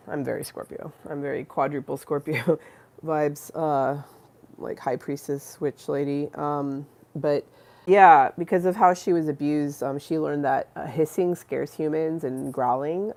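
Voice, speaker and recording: Low gravelly woman chatting on a livestream. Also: a little mellow. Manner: chatty, rambling, affectionate, many fillers and restarts. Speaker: livestream host. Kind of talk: casual livestream chat with viewers.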